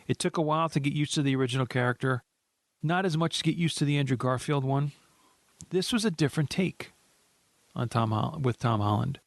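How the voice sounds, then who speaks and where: A man co-hosting a casual movie podcast, talking in a measured, thoughtful way. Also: mid-range voice, gravelly, dry recording. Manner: measured, thoughtful, trails off into restarts.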